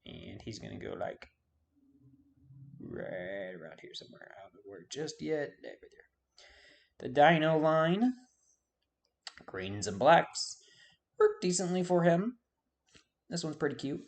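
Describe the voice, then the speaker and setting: A man's voice: fairly high pitch, huge pitch swings, a little slow, gravelly, long pauses. A man giving casual video game commentary, rambling and forgetting names with self-deprecating asides. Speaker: YouTube host.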